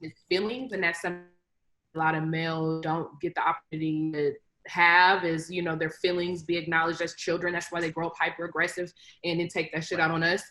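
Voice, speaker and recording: A woman who is a guest on a podcast, talking in a reflective, advice-giving way with quick asides. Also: on the low side, little pitch movement, fairly bright tone, poor audio. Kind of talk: casual chat.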